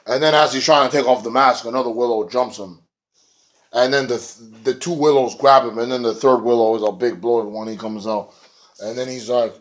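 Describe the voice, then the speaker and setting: A man's voice: medium pitch, a little fast. Young guy ranting about wrestling, cursing, lots of ums. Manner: rambling, profane, filler-heavy. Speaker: wrestling reviewer. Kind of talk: casual chat.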